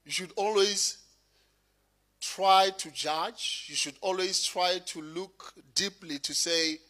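A middle-aged man with a South African accent preaching a sermon, telling anecdotes in a lively way and laughing often. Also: high-pitched, slow pace.

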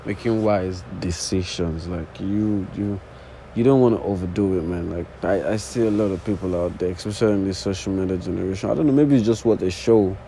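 Low, mellow young man rambling casually. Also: a little fast, slight background noise, poor audio. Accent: non-native English accent. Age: early 20s. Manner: rambling, casual, swears often, repeats false starts. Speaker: podcast host. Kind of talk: unscripted solo monologue. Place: sitting on the floor indoors.

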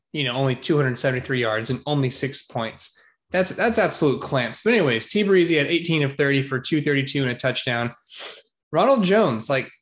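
A man co-hosting a casual football podcast, jokey and excitable, full of slang. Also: fairly high pitch. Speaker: podcast co-host. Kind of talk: casual sports chat.

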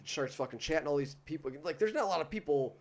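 A young man in his twenties, a podcast host, telling a rambling, swear-filled story and putting on animated voices for the people in it. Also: a little high, fast. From Ohio. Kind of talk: casual storytelling.

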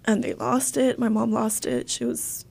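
A young woman telling a painful personal story in an interview, halting and emotional, with many fillers and restarts. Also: on the high side, sing-song, gravelly, a little mellow, breathy edge.

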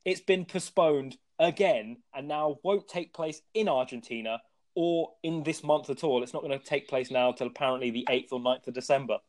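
A man's voice: mid-range voice, normal speed, a little mellow. A man hosting a football podcast, chatting casually with fillers and frequent laughs. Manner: laughs often, hesitant fillers. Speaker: podcast host.

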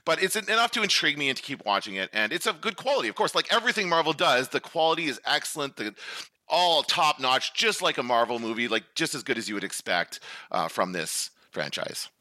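A man co-hosting a casual chat, talking in a rambling, animated way and laughing often. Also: medium pitch, fast, no echo. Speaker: podcast co-host.

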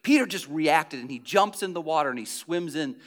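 A man with a notably high voice preaches to his congregation in a loose, conversational way. He circles back on key phrases, stumbles into restarts and pushes on with earnest emphasis. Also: expressive, fairly quick, a bit bright. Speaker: pastor. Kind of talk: sermon.

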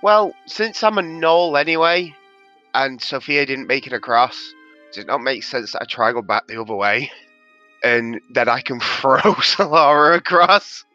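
Bright-voiced hesitant player. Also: male voice, medium pitch, moderate pace, dull audio, faint music behind. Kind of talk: casual tabletop play.

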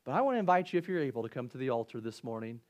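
A male pastor delivering a sermon and altar call, rising to loud, high preaching peaks, then dropping to a soft, gentle invitation. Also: sing-song, racing. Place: church auditorium.

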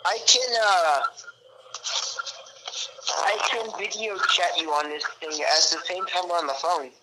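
A man's voice: high voice, unhurried, very noisy. A man hosting a radio show, chatting casually and joking around. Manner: joking, rambling. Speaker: radio host. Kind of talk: casual on-air banter.

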